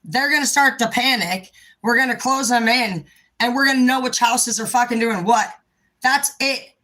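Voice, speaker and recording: A woman's voice: fairly high pitch, normal speed, bright, forceful tone, rough recording. A woman giving a heated, profane rant straight to her viewers, blunt and impassioned. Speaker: vlogger. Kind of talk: impassioned direct-to-camera rant.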